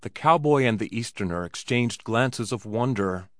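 A man narrating a story aloud in a steady storytelling delivery. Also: medium pitch, normal speed, dry recording, clean studio sound. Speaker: audiobook narrator. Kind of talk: scripted narration.

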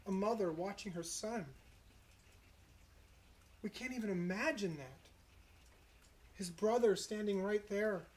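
An earnest preacher speaks to a congregation in a middle register, reflective and heartfelt. The delivery slows and softens on key moments of the sermon. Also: medium pitch. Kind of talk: sermon on the crucifixion, citing scripture.

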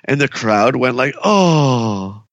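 A man's voice: medium pitch, normal speed, no room sound, highs cut off. A man co-hosting a pop culture podcast, telling stories with energy and acting out what people said in a raised voice. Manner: animated storyteller, acts out quotes in raised voice. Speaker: podcast co-host. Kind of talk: casual chat.

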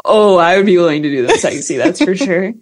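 A woman's voice: fairly low pitch, lively intonation, a little fast, a little mellow. A woman co-hosting a podcast in casual, joking chat, rambling with many fillers. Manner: rambling, filler-heavy, jokey. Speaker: podcast co-host.

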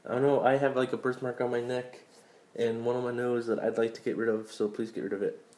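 A man's voice: medium pitch, level tone, fast talker, mellow. A young man in casual, rambling movie talk, swearing freely and drifting into tangents as he reviews films. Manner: rambling, profane, wanders off on tangents.

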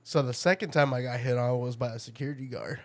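A man's voice: medium pitch, fast, darkish tone. A man in casual chat, telling crude stories with lots of laughter and acted-out quotes. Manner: crude, laughing storyteller who acts out quotes.

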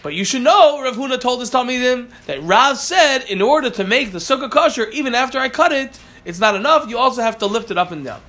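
High, bright-voiced Talmud teacher. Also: male voice, expressive, fairly quick, hardly any pauses. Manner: translates each Aramaic phrase, often corrects himself. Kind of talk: Talmud class explanation.

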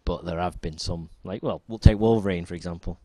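Deep-voiced man co-hosting a podcast. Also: brisk, mellow, dry recording. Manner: hesitant, many ums while running the topics. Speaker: podcast co-host. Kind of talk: casual podcast chat.

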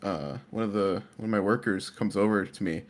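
A man's voice: fairly low pitch, brisk. A man who works in IT, telling a rambling workplace story in casual chat, full of fillers. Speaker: IT worker.

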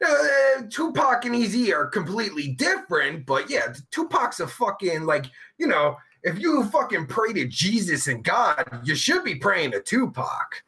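Rowdy, profane New Jersey man, gravelly. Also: high voice, very animated, measured pace, few pauses. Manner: crude, profane, joking with loud outbursts. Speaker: live show host. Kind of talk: casual live-stream chat.

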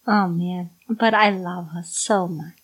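A woman's voice: fairly low pitch, steady tone, slow, husky. A Brazilian woman, a mother co-hosting a podcast, chatting casually and teasing her daughter. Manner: teasing, playful. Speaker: podcast co-host. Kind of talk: casual chat.

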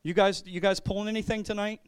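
A pastor with a high, clear, resonant voice speaks fast in a level tone. During his sermon and personal testimony, he's loosely conversational, often repeating words, laughing and acting out quotations.

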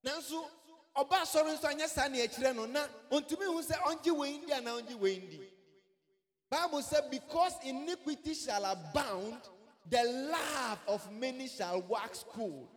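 A Ghanaian man preaching with a very high voice. He moves between English and Twi and breaks into shouts for emphasis. His words echo with the long reverb of a big hall. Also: expressive, measured pace. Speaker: pastor. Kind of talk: sermon.

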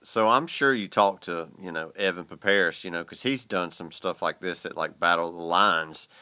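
A man's voice: low voice, moderate pace, bright, forceful tone, no echo. A man interviewing a guest casually, encouraging and filling his questions with likes and you-knows. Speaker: podcast interviewer.

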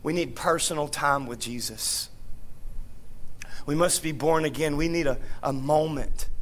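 A man's voice: on the high side, a bit bright. A man in his thirties preaching a sermon in a playful, joking way, acting out quotes as he tells stories. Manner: playful, jokey storytelling with acted-out quotes.

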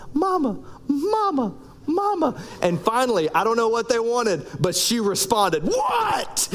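High-voiced joking pastor preaching. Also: male voice, a little hiss or hum. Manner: joking, conversational preaching with pauses. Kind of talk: sermon.

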